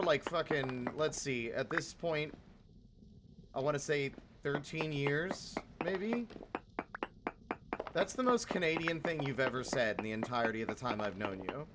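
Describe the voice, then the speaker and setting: A livestreaming gamer who rambles along casually, dropping swears and chatting to viewers mid-game. The voice sits at a middling pitch. Heavy noise runs loud behind the streaming mic. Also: lively intonation, normal speed. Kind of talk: casual live stream chat.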